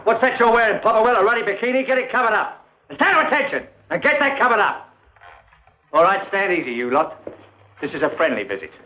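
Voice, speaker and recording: An actor playing a brisk, sarcastic army officer who speaks in a clipped, commanding way, in a 1950s British film comedy. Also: male voice, high-pitched, very animated, bright, forceful tone, dull audio, a little hiss or hum, exaggerated voice. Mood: bossy.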